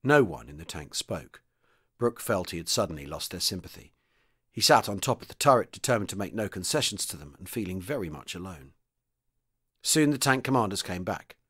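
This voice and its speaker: A man's voice: low-pitched, big pitch swings, a little fast, fairly bright tone, breathy edge. A man, a podcast host, reading a chapter of a wartime novel aloud, with light voices for the characters. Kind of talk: audiobook-style reading.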